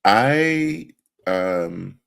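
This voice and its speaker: A man with a fairly low voice co-hosts a podcast in casual conversation. He asks questions and talks things through with frequent restarts and hesitations. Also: expressive, extremely slow, creaky, a bit bright, clear, resonant tone. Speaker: podcast co-host. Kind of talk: casual chat.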